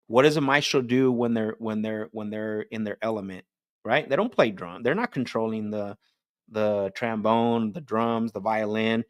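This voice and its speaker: A man coaching a group call on sales technique, talking with energy and checking in with "right?" as he goes. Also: medium pitch. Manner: energetic, repeats "right?" often, restarts sentences. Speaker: sales trainer.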